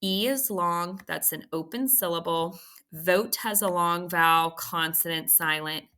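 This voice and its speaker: A woman teacher walking students through a recorded phonics lesson, patient and checking in often with a quick "okay?". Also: fairly low pitch, pushed and bright.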